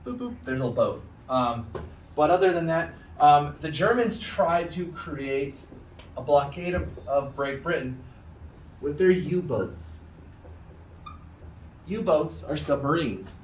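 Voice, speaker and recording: A man's voice: a little high, expressive, takes it slowly, pauses often, reverberant, distant mic, a little hiss or hum. A man teaching history in a casual recorded lecture, chatty, acting out bits of dialogue in joking voices, recorded on a phone.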